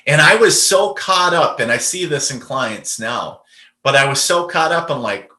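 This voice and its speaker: Bright-voiced man telling a story. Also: on the high side, animated, normal speed, roomy sound. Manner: rambling, many fillers and restarts. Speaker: podcast guest, medium. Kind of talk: casual storytelling.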